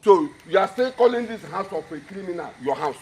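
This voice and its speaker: A man's voice: sits high, lively intonation, brisk, a little mellow, slightly rough. An actor playing a sly, mocking male relative who taunts a loyal wife. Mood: taunting. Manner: taunting, sneering, smug. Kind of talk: film drama acting.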